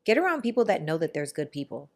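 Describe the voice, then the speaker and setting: A woman hosting a podcast in casual chat, telling stories in an animated, rambling way with quick asides. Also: low-pitched. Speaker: podcast host.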